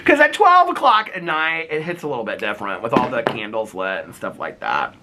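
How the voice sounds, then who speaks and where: A man chatting casually in a vlog, animated and playful, laughing often, recorded outdoors in the cold. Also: medium pitch, fairly quick. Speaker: vlogger.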